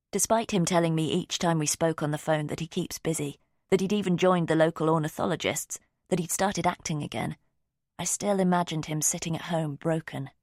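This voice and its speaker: A woman narrating a novel in the first person, measured and intimate. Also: deep voice, a little mellow, dry recording, clean studio sound. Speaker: audiobook narrator.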